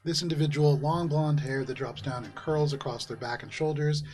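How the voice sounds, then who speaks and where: A man narrating a fantasy tabletop game as game master, relaxed and chuckling between descriptions. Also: on the high side, moderate pace. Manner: relaxed, with frequent ums and laughs.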